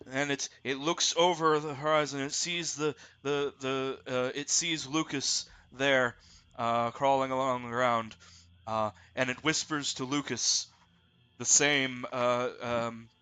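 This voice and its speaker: Bright-voiced man running a tabletop game. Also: medium pitch, clean tone. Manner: relaxed, thinks aloud while narrating. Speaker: game master.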